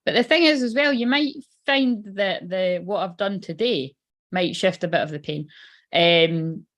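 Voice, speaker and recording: A woman's voice: on the low side, measured pace, a bit bright. A Scottish woman giving a casual live tarot reading, chatty and swearing freely. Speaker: psychic tarot reader.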